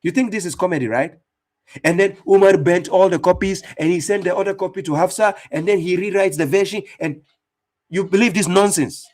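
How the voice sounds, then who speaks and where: A man's voice: high-pitched, a little fast, darkish tone. A man giving fierce, mocking religious commentary as an Islamic debater and streamer, speaking with heavy emphasis.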